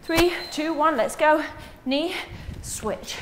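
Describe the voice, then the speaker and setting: High-voiced woman coaching a workout. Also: slow pace, background noise. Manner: counts reps and cues moves while exercising. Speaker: fitness instructor. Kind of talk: coaching while working out.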